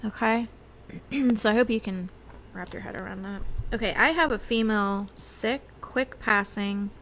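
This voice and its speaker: A woman's voice: fairly high pitch, moderate pace, fairly bright tone, a little hiss or hum. A woman hosting a casual spiritual livestream, talking loosely as a medium with lots of fillers. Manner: chatty, with many fillers and small laughs. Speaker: psychic medium host.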